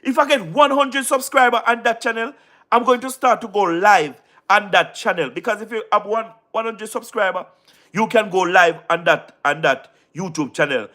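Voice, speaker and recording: A man from Jamaica with a Jamaican Patois accent, livestreaming casually, giving shout-outs to viewers and repeating himself emphatically. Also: sits high, moderate pace. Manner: repetitive, keeps asking "you understand what I mean", emphatic. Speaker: YouTube live streamer.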